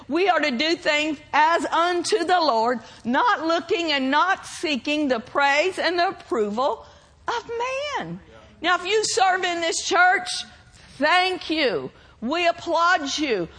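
A woman's voice: sits high, fairly bright tone. A woman preacher delivering a sermon to her church in an emphatic way, drawing out key words.

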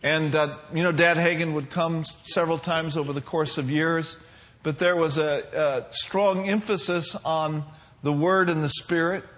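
Man, pastor, sermon, slightly high pitch, call-and-response. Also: steady tone, normal speed, fairly bright tone. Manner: preaching with call-and-response asides. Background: congregation responding.

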